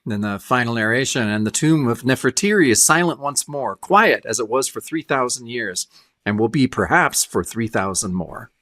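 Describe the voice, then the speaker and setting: A man's voice: medium pitch, moderate pace, no echo, studio quality. A man co-hosting a podcast, chatting casually about comics and acting out lines from the panels. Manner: animated, acts out comic panel dialogue. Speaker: podcast co-host. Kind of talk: casual comic review chat.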